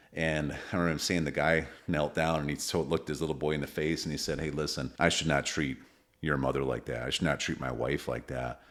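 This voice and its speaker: A man co-hosting a parenting podcast, talking earnestly and telling stories, often restarting his sentences. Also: very deep voice. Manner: earnest, storytelling with frequent restarts. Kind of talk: casual podcast conversation.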